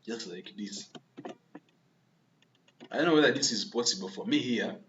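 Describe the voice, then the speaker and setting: A man's voice: mid-range voice, expressive, normal speed, fairly bright tone, roomy sound, muffled recording. A man giving a screen-recorded coding tutorial, thinking aloud, repeating himself and often checking in with a questioning "okay?" while he addresses viewers as members.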